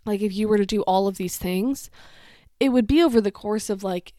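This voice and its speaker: A woman's voice: medium pitch, brisk, dark tone, dry recording, clean studio sound. A young woman chatting casually and sarcastically, reading steps aloud and reacting to them with lots of "like" and "you know.". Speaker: vlogger.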